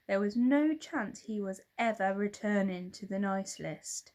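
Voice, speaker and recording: A teacher reading a children's book aloud with expressive storytelling. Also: female voice, mid-range voice, unhurried, few pauses.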